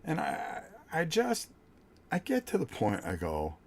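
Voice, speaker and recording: An older man hosting a vlog, telling a blunt, profane story in a casual, animated way with many restarts. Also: on the high side, measured pace, vocal fry. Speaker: vlog host.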